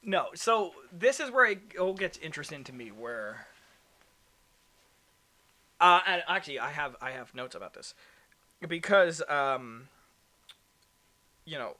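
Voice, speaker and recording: A man's voice: on the high side, sing-song, unhurried, pauses often, sharp tone. A man hosting a casual gaming podcast. He reads news from his notes, often stumbles and starts over, and runs short of breath. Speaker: podcast host.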